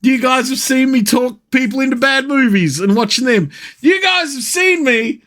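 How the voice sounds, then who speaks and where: Profane ranting man, lively pitch. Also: moderate pace. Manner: profane, ranting, laughing often. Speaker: streamer. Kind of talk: live stream commentary.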